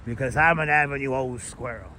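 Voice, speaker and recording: A man's voice: mid-range voice, brisk, sharp tone, voice pushed down, lightly acted. A man doing a wary, streetwise squirrel. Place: outdoors on a city street. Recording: street noise behind.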